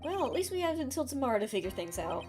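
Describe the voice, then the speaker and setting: A woman puts on a bubbly young woman in a game reading. She sounds lively and cheerful, with her voice lifted above the performer's own. Soft music plays beneath. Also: sits high, fast, voice pushed up.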